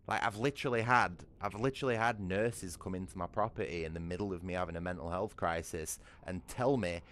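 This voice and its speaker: Speaking a little fast, this British man has a low voice with a fairly bright tone. He's a streamer chatting casually on a gaming livestream, rambling, swearing heavily, and frequently asking "you know what I mean."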